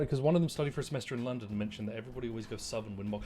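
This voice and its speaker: A man casually chatting and joking while playing a game on stream, rambling and mocking himself, with sudden loud outbursts. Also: mid-range voice, rapid-fire. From not American. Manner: rambling, self-mocking, jokey, often bursts out loud. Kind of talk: casual gameplay commentary.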